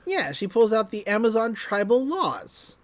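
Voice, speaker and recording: A man co-hosting a podcast, recapping an episode in casual chat, laughing often and quoting characters in quick voices. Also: high-pitched, sing-song. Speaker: podcast co-host.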